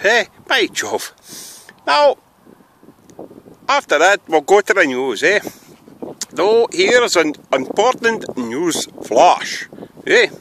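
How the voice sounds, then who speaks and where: A Scottish man presenting a comic mock news bulletin outdoors, rambling and chummy, tagging "eh?" onto his lines. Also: high-pitched. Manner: rambling, chummy, keeps adding "eh?". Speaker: spoof newsreader. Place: outdoors in strong wind. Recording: windy outdoor recording with noise.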